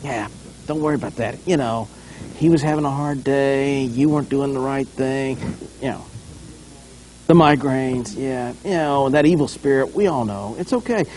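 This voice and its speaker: A man doing a hushed, coaxing royal servant. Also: mid-range voice, fast talker, hardly any pauses, pitched below the performer's own voice, lightly acted, rough recording. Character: wheedling male royal servant coaxing quietly.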